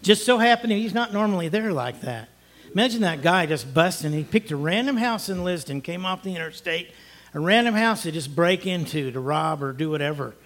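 A man preaching from the pulpit with a bright, ringing tone and a slightly raised pitch. He hammers his points home, repeating key phrases for emphasis. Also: lively intonation, brisk, a little hiss or hum. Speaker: pastor. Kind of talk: sermon.

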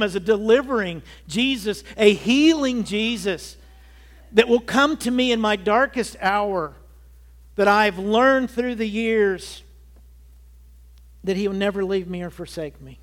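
A man's voice: sits high, fairly bright tone. A man in his early sixties preaching a sermon, giving an earnest personal testimony that builds to emphatic peaks. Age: 60s. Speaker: pastor.

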